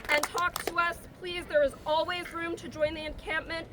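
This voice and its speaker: A woman's voice: very high-pitched, level tone, normal speed. A young woman giving an emotional, rousing protest speech outdoors, now and then stumbling over words. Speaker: rally speaker. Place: outdoor campus green. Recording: outdoor street noise, faint.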